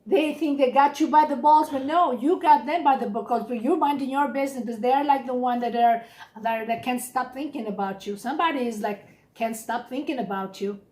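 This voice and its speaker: A woman's voice: sits high, a little fast, darkish tone. Blunt woman giving a tarot reading. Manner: blunt, encouraging, direct address to viewer. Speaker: tarot reader. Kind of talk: casual tarot reading to camera. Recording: echoey room.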